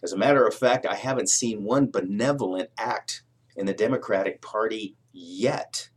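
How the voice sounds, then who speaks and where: A low-pitched, husky man talks straight to camera in a rambling political rant. He gets heated, stumbles through restarts and leans on fillers as he goes. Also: normal speed. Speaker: political vlogger.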